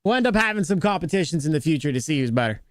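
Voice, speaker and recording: Guy streamer with a high voice, goofing around with chat, laughs a lot, dry close mic. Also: big pitch swings, rapid-fire, no echo. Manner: joking, laughs often, greets chatters by name. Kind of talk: casual live-stream chat with viewers.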